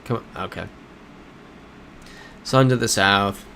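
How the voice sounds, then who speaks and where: A man with a fairly low voice talks through a live game stream, chatty and thinking aloud as he reacts to his chat. A faint air-conditioning hum sits behind him. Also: takes it slowly, bright, forceful tone.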